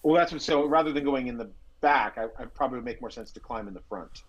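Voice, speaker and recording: A man's voice: medium pitch, fast, dull audio. A man playing in a tabletop role-playing game, talking casually and often stammering and restarting his sentences. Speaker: player.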